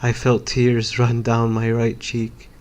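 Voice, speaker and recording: A man from Palestine whose first language is Arabic, reading a first-person horror story as a measured, dramatic inner monologue. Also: mid-range voice, completely flat delivery, darkish tone.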